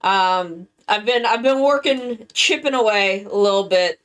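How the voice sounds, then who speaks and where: A worn-out woman chatting casually with her live-stream viewers, halting and rambling as she recovers from being sick. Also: medium pitch, a bit bright, clear, resonant tone. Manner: rambling, halting, with many restarts. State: worn-out and tired, recovering from illness.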